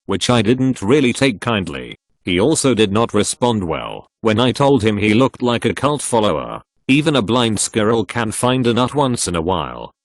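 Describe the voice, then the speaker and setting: Low-voiced male narrator reading posts. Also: no room sound, studio quality. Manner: reads text literally, spelling out links and web slang. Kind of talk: reading online posts aloud.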